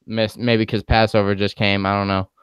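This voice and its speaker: Young male podcast co-host, smooth voice, relaxed storyteller, dry close sound. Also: fairly low pitch, normal speed, no room sound. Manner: laid-back storytelling, joking, swears casually. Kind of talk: casual podcast banter.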